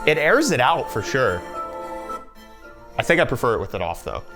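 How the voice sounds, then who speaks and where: A young man presenting a tech unboxing vlog in a well-lit room, enthusiastic and quick to exclaim. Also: mid-range voice, very animated, over music.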